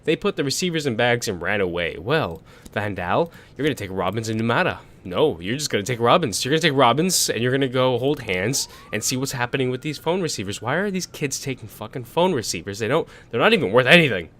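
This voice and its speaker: Casual young guy gaming commentary, swears a lot, trips over words reading, average pitch, condenser mic at home. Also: expressive, quick pace, a bit bright. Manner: swears, reads aloud and stumbles. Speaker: gaming youtuber. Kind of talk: let's play commentary. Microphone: desk condenser microphone.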